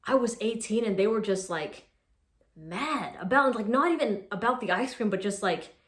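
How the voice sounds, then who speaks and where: A woman in her twenties telling stories in a casual vlog, chatty and animated, with lots of "like.". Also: medium pitch, moderate pace, reverberant. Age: 20s. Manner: chatty, animated retelling with filler "like". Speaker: social media creator.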